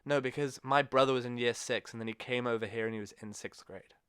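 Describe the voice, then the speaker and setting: A man hosts a casual podcast chat, his voice smooth and clean. He rambles through his stories and corrects himself as he goes. The sound is close and dry, with no room around it. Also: mid-range voice, fairly even intonation, fast, a bit bright, no echo. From England. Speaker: podcast host.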